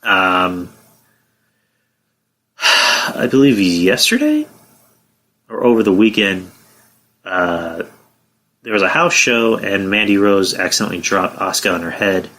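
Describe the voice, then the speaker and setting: A man's voice: low voice, pushed and bright. A man hosting a podcast, giving blunt, profane opinions in a rambling casual way with many fillers. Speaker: podcast host. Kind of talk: casual wrestling commentary.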